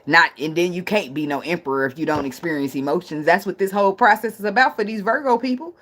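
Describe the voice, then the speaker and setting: A woman's voice: on the low side, fast, fairly bright tone. Woman, tarot reader, blunt, profane, casual live stream from home. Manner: blunt, profane, laughs often. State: tearful at times.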